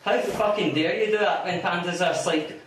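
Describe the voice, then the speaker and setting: Scottish male stand-up, high voice, crude rambling delivery with stammers, echoey distant noisy club recording. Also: normal speed, a bit bright. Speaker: stand-up comedian. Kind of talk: stand-up comedy set. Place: comedy club stage. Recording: echoey room from far off, noisy. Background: audience laughter.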